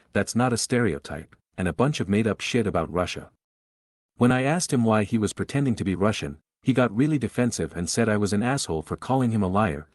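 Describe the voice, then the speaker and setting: A man narrating a forum post aloud in an even, steady reading voice. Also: fairly low pitch, no room sound, studio quality. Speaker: story narrator.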